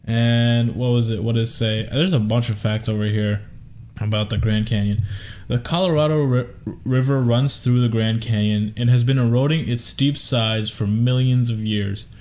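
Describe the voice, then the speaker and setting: Mid-pitched male co-host, reactive and incredulous, casual podcast banter. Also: steady tone, moderate pace, a little mellow. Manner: incredulous, reactive, laughing along.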